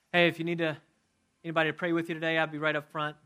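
A middle-aged man delivers a sermon and closing prayer in a fairly high, conversational voice. He asks his congregation questions, then drops from loud emphasis into soft, hushed prayer. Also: monotone, rapid-fire. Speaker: pastor.

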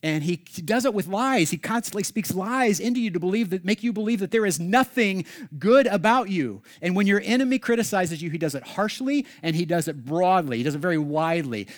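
Conversational pastor swinging soft to loud. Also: male voice, high voice, expressive, fairly quick. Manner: swings between soft hushed passages and loud emphatic ones; conversational, humorous asides. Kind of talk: sermon.

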